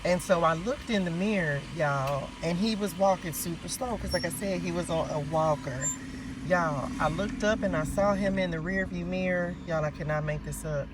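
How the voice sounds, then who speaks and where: A man's voice: on the high side, moderate pace, recorded from a distance, noisy background. Man with a drawl telling a story. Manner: animated, keeps addressing viewers as y'all. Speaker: vlogger. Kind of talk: casual storytelling vlog. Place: outdoors at a park.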